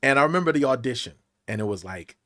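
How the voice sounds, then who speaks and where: A man in his late forties, a podcast guest telling stories in an animated way, acting out the voices of the people in them. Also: mid-range voice, quick pace. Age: late 40s. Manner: lively, acts out quotes in big jumps of voice. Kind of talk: animated storytelling interview.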